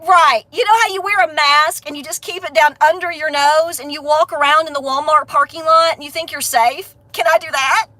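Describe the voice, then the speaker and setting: A woman's voice: high-pitched, fairly even intonation, fairly quick, hardly any pauses, pushed and bright. A woman mocking a whiny online hater. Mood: mocking whine. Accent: Southern Appalachian. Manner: sarcastic whining mockery.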